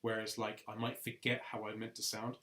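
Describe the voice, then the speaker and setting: A man's voice: fairly low pitch, completely flat delivery, a little fast, sharp tone. A young man chatting casually between takes, rambling and correcting himself as he talks. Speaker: video creator. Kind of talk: casual chat while recording voice lines.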